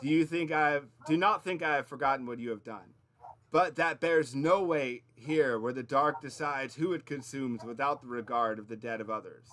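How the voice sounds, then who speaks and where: A grim male guardian, as a man puts him on at a tabletop game, stern and formal. He speaks in slow, archaic, menacing phrases. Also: medium pitch, fairly bright tone, natural voice.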